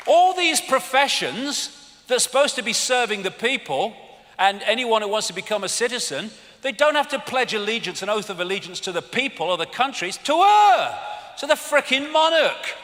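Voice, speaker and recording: A man's voice: very high-pitched, big pitch swings, moderate pace, a bit bright. Ranting man in a big hall. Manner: ranting, sarcastic, swears a lot. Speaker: public speaker. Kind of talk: arena lecture. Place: large indoor arena. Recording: big hall reverb with audience.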